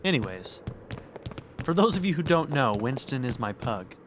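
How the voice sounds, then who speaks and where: A man's voice: mid-range voice, very animated, moderate pace, background noise. A man in his thirties giving joking, casual commentary while he plays a video game. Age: 30s. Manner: joking, wry running commentary. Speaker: game streamer.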